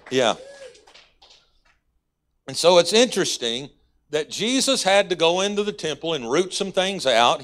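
Fairly high-pitched and a bit bright, this Texan guest pastor gives a church sermon in a folksy, conversational style. Now and then his voice jumps up sharply for emphasis.

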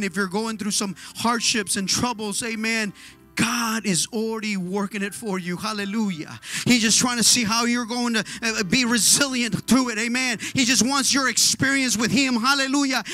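A man's voice: very high-pitched, sharp tone. A man preaching a sermon with fervent exhortation, punctuating his lines with hallelujah and amen.

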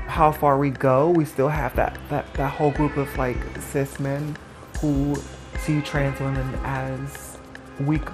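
A woman in an interview telling a candid personal story, speaking plainly with lots of filler words. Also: deep voice. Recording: music bed underneath.

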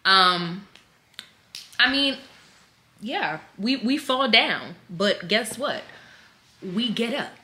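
A woman's voice: mid-range voice, expressive, very slow, long pauses, bright, forceful tone, roomy sound. A young woman vlogging from home, chatting casually to viewers and calling them y'all. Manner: sing-song baby talk to her infant. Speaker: vlogger and mother. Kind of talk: casual chat to camera.

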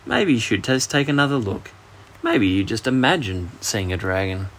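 A man with an Australian accent voicing a kind, patient male schoolteacher in a bedtime story, gentle and measured. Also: on the low side, sing-song, slight background noise.

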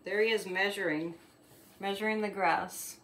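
A woman's voice: medium pitch, steady tone, normal speed, fairly bright tone, a little hiss or hum. A woman from Gloucester, Massachusetts, chatty and giggly, reading a picture book aloud for her video audience with casual asides about the illustrations. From Gloucester, Massachusetts, USA. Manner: chatty, giggly, lingers on words while showing pictures.

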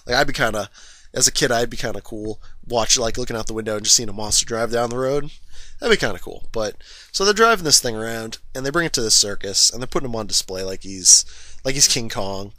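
A man's voice: medium pitch, expressive, quick pace, sharp tone, no echo. A man casually retelling a movie's plot, rambling and correcting himself, full of fillers. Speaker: film reviewer.

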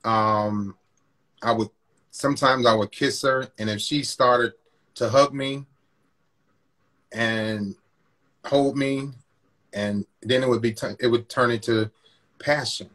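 A man speaks in a mid-range, slightly bright voice with a steady tone, going slowly and pausing often. As a guest, he candidly confesses how he used to treat a partner, bluntly and haltingly, repeating words and acting out the things he once said.

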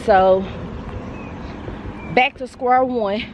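A woman in her fifties, a chatty and excitable vlogger who talks straight to her viewers from home. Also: a little high, extremely slow, noisy background. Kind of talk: casual vlog chat.

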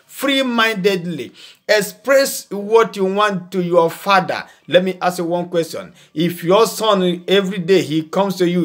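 A male preacher with a slightly high voice addresses his online congregation. He hammers single words over and over for emphasis, then slows with drawn-out hesitations. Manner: emphatic, repeats words in bursts, pauses with "uh". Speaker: preacher and channel host. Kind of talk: informal video sermon.

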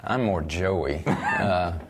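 An older man cartoonist in a documentary interview, relaxed and self-deprecating about drawing his character. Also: sits low, very slow, background noise.

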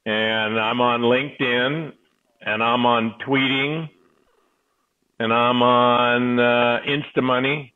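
A man's voice: medium pitch, steady tone, slow pace, clean tone. A man guest on a talk show, wry and self-mocking, making jokes in casual banter. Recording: tinny phone-like remote line.

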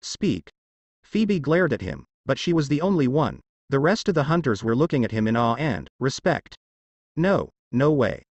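A man narrating a fanfiction story in a steady, expressive scripted reading. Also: mid-range voice, brisk, hardly any pauses, no room sound, highs cut off.

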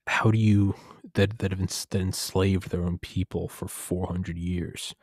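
A man's voice: low-pitched, level tone, unhurried, a little mellow, no echo, clean studio sound. A young man talking in a casual, rambling monologue, profane and digressive, often restarting his sentences.

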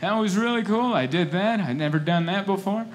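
A young man doing a stand-up comedy set on a club stage, animated and acting out other people's voices. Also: high-pitched, fairly quick.

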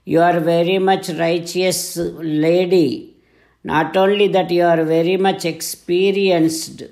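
A man's voice: high-pitched, little pitch movement, slow, creaky, a little mellow, exaggerated voice. A man voicing an old king who weeps and pleads with his queen to stop blaming him, as he retells a scripture story. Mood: pleading. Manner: pleading, tearful.

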